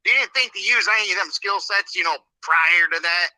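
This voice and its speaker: A man's voice: sits high, a little fast, bright, forceful tone, low-quality recording. A man in a casual chat giving his skeptical, sarcastic take on things.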